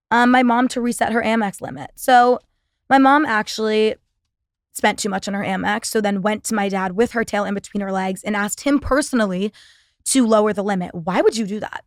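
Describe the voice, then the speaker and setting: A woman's voice: medium pitch, no room sound, clean studio sound. A young woman hosting a podcast, talking in a sarcastic, profane, rambling casual monologue. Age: young adult. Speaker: podcast host.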